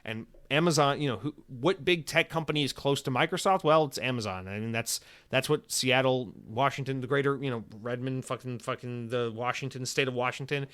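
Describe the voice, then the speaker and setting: A young man hosts his own gaming podcast, talking in a loose, rambling rant. He is sarcastic and profane, and he slips into quick put-on voices when he quotes people. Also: mid-range voice, fairly bright tone. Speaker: podcast host. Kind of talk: solo podcast commentary.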